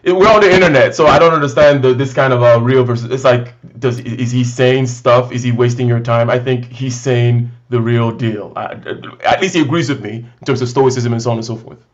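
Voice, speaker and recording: A man's voice: mid-range voice, fairly even intonation, brisk, hardly any pauses. A man on a panel, talking conversationally with hesitant restarts while arguing a point. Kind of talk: casual panel discussion. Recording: dull lo-fi audio.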